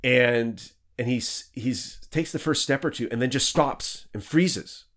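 A man's voice: mid-range voice, unhurried. A male podcast host telling a long story in a casual interview, rambling and correcting himself, and laughing as he goes. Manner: animated, laughs while telling stories.

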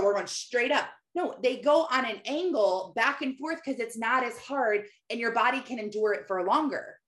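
A woman's voice: a little high, fairly bright tone. A woman in her thirties giving casual, encouraging faith-based coaching, chatting to viewers by name and laughing often. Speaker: Christian mentor hosting a live session.

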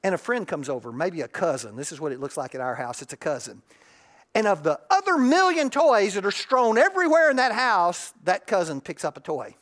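A pastor preaching in a relaxed, conversational way, dropping into soft, confiding asides and then lifting the voice for emphasis. Everyday characters are acted out mid-sentence. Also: medium pitch, a little fast. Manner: shifts often between soft asides and raised emphasis. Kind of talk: sermon.

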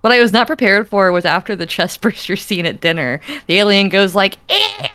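A woman's voice: medium pitch, fairly quick, fairly bright tone, no room sound. A young woman, a podcast guest, chatting casually with lots of fillers and giggles. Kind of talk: casual chat.

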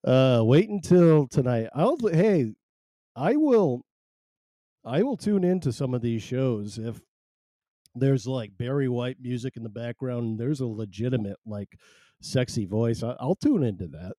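A man's voice: medium pitch, lively intonation, a little slow, warm tone, dry recording, clean studio sound. A middle-aged man hosting his own podcast in loose, rambling, self-amused casual chat. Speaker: podcast host. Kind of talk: casual solo podcast chat, reading listener chat.

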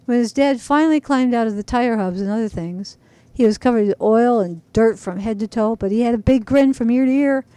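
A woman reading a children's story aloud, animated, pausing to talk to young listeners. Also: a little high, no room sound, rough recording.

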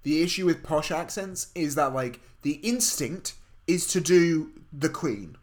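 Man, posh English accent, film review podcast, sweary, sarcastic, fairly high voice. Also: expressive, a little slow. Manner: sweary, emphatic, sarcastic asides. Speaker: podcast co-host. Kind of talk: casual film review chat.

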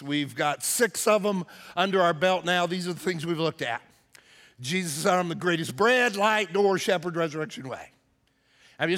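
A man preaching a sermon as pastor, telling a story and shouting lines out for emphasis. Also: high voice. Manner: storytelling, shouts for emphasis, drawn-out slow phrases. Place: church auditorium. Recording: long hall reverb.

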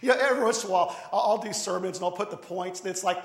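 Male pastor with a high voice, conversational preaching style with lots of restarts, recorded in an echoey sanctuary. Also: racing. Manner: conversational preaching, frequent repeated words and restarts. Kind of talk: sermon. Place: church sanctuary.

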